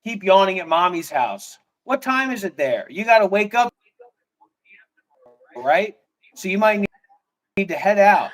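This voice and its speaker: A man's voice: sits high, sing-song, measured pace, long pauses, a bit bright. A man in casual livestream banter, mocking and taunting with a lot of swearing.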